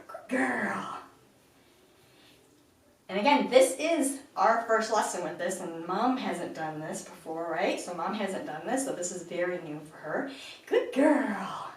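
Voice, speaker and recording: Lively woman dog trainer in an echoey room. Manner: calm explaining with bursts of high-pitched praise for a puppy. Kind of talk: instructional explanation. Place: indoors, sitting on the floor. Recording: very echoey room, voice far from the mic.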